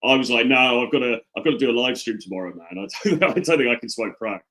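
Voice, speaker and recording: Man, quick pace, mid pitch, deadpan rambling anecdotes. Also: poor audio. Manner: rambling anecdotes full of restarts and deadpan asides. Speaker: podcast co-host. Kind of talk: casual podcast chat.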